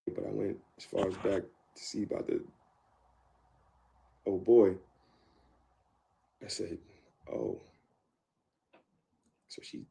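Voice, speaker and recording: Halting and repetitive, a deep-voiced male guest describes a past relationship candidly in an interview. His tone is gravelly and dark, pitched low and relaxed throughout.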